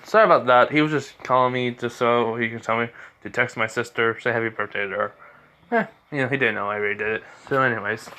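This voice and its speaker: Brief: teen boy, mid-pitched, rambling casual fan storytelling. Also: sharp tone, slight background noise. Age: teens. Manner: rambling, with fillers and restarts.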